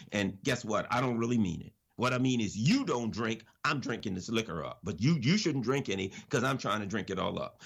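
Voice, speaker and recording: A man's voice: medium pitch, vocal fry. A man giving impassioned political commentary on radio, preacherly and emphatic, with repeated phrases.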